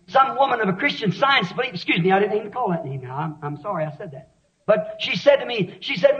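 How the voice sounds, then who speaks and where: A male preacher with a very high, ringing voice delivers a fervent sermon, rising to shouts and then sinking to hushed passages. The recording is dull and lo-fi, like an old tape. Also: sing-song, brisk.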